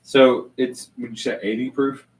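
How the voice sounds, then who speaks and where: A man's voice: medium pitch, steady tone, unhurried. A man hosting a casual whiskey tasting chat at a bar, enthusiastic and full of stammering restarts, heard from a distant mic. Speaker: host.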